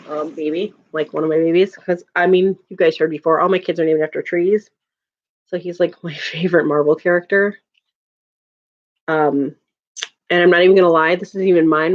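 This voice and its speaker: A woman's voice: fairly low pitch, steady tone, fairly quick. A woman in her thirties hosting a casual livestream, chatting with viewers and laughing often. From Chicago area, USA. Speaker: livestream host. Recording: dull lo-fi home stream audio.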